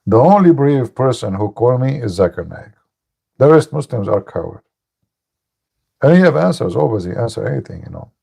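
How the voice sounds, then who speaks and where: A man's voice: medium pitch, big pitch swings, brisk, vocal fry, mellow, husky. A man hosting a live call-in stream, delivering a mocking, taunting monologue in broken English and laughing at his own jokes. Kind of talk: combative monologue.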